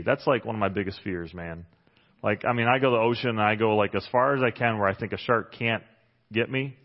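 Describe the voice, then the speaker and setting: A man's voice: on the low side, fairly quick. A man preaching a sermon in a church hall, conversational and joking, reading Bible passages aloud. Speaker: pastor. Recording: muffled sound with long hall reverb.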